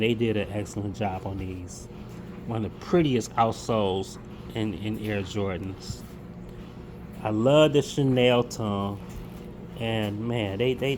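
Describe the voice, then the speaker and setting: A man of middle pitch chats about his sneaker pickups in a loose, unhurried vlog style. He restarts and repeats words, using casual slang. Steady noise runs clearly under his voice.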